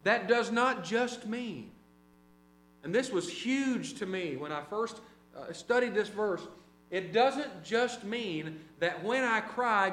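A middle-aged man preaching a conversational sermon, telling personal stories and dropping to quiet asides. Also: high-pitched. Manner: conversational, anecdotal, varies loudness widely. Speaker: preacher and teacher. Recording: roomy hall with mains hum.

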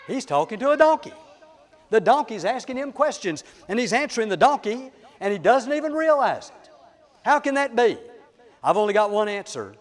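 Animated preacher with a high voice. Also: male voice, normal speed, in a large hall. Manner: dramatic, folksy, addresses the congregation. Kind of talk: sermon storytelling.

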